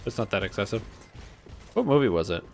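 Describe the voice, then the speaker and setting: A man's voice: fairly low pitch, big pitch swings, brisk, creaky, background noise. A young man streaming a video game at home, giving casual commentary with sarcastic, profane rants. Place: apartment.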